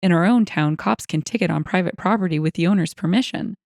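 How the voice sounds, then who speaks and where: A woman reading online stories aloud as scripted narration, expressive and wry, with lively asides. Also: on the low side, fast talker, no room sound, studio quality.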